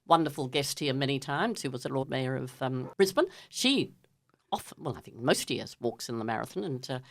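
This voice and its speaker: A woman's voice: extremely low pitch, lively intonation, fairly quick. A woman hosting a radio interview, polite, with many short affirmations. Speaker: radio host.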